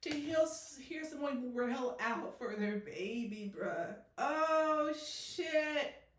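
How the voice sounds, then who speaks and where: A young woman hosting a movie reaction channel, exclaiming loudly and cursing freely as she reacts. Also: on the high side, animated, a little slow. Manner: loud, exclaiming, heavy cursing. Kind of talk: emotional movie reaction commentary. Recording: roomy echoey room.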